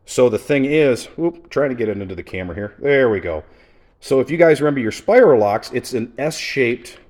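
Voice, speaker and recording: A man walking through an engine build in a garage, in a relaxed, folksy, explanatory way. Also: mid-range voice. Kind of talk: casual shop demonstration. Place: garage workshop.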